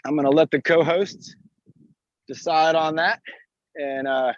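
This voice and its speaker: High-voiced man coaching a workout outdoors. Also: fairly even intonation, a little slow. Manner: encouraging, talks through each move while exercising. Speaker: fitness coach. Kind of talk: live outdoor workout class. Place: outdoors in a park. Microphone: phone. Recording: dull dry lo-fi phone audio.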